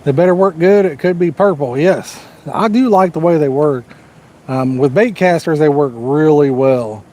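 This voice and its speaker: A man's voice: on the high side, moderate pace, dark tone. A middle-aged man with a Southern US accent, hosting a fishing livestream outdoors by the water in a folksy, joking way. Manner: folksy, joking, corny one-liners. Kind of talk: casual live-stream chat.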